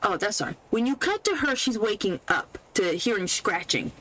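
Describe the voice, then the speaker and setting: A woman's voice: mid-range voice, sing-song, moderate pace, a bit bright, poor audio. A woman podcast host casually recapping a movie while playing a video game, sarcastic and full of swearing, laughing often.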